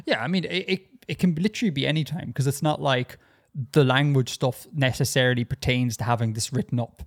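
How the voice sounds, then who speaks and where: Chatty man with halting restarts. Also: medium pitch. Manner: chatty, hesitant with many restarts and fillers. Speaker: podcast co-host. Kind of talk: casual podcast discussion.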